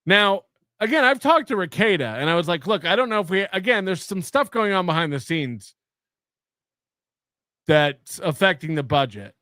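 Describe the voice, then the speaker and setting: High, bright-voiced wry commentator man. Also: big pitch swings, moderate pace, no room sound, studio quality. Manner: wry, recounting gossip. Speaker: stream commentator. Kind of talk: casual commentary.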